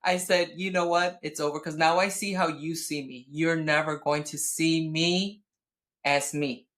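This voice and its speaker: A podcast co-host in her thirties chats casually while telling a personal story, speaking a little slowly in a low-pitched voice. She's blunt and foul-mouthed, with animated outbursts.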